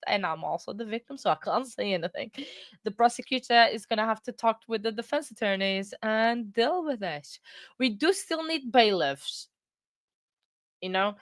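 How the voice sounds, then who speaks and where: A woman with a mid-range, fairly bright voice chats casually with her livestream audience, playful and giggly and a bit out of breath. She rambles and laughs often, and the clean studio recording has no room sound.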